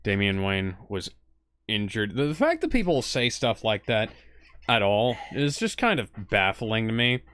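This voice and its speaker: A man's voice: on the low side, big pitch swings, a little slow, a bit bright. A man co-hosting a casual watch-along chat who talks bluntly and swears freely. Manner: blunt and profane. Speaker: co-host.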